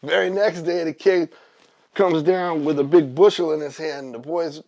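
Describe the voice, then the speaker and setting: A man's voice: a little high, fairly even intonation, normal speed, mellow. A man guest telling long jokes in a loose, rambling way, voicing the characters. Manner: loose, rambling joke delivery with voiced characters. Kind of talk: comic joke telling.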